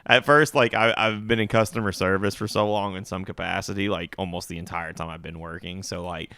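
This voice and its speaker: A man co-hosting a podcast, telling work stories in a relaxed, swearing casual chat. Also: low voice, fairly quick, clear, resonant tone, no room sound, clean studio sound. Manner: laid-back storyteller, swears freely. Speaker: podcast co-host.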